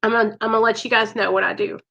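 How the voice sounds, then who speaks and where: A woman with a high, bright voice hosts a live stream. She talks to her viewers in an earnest, emotional way. Her voice has a clear, tense edge. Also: flat delivery, racing, highs cut off. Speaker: live show host in recovery.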